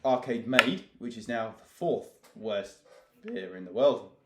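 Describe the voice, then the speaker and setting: A man's voice: fairly low pitch, expressive, measured pace. Dry, teasing man in an echoey room. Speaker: co-host. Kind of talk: casual chat. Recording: roomy echo, faint noise.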